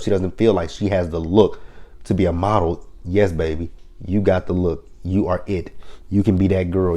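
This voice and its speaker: Male show reviewer, deep and warm, loose profane storytelling. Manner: animated, profane, emotional retelling. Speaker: TV recap reviewer. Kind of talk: casual episode recap.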